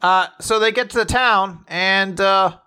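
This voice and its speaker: A young man co-hosting a casual podcast, recapping a story in a rambling, animated way with laughs. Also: sits high, a little slow, smooth. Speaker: podcast co-host. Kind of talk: casual chat recapping a manga chapter.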